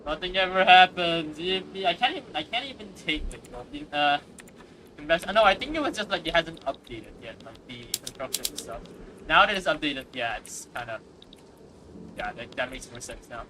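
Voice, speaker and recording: Laughing, swearing male streamer, fairly high voice. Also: big pitch swings, moderate pace, noisy background. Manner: laughing, swearing, self-mocking. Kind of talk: casual game livestream chat.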